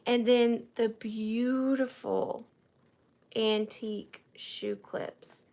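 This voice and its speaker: A woman's voice: fairly high pitch, steady tone, extremely slow, darkish tone, a little hiss or hum. A woman hosting a live online antiques sale from her home office, chatting with viewers by name and counting down bids. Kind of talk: live-stream auction chat.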